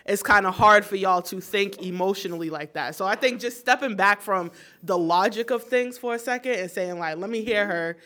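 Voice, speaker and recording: Woman, young adult, conversational, frank, reflective, middle pitch. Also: normal speed, few pauses, sharp tone. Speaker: group participant. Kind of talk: casual group discussion.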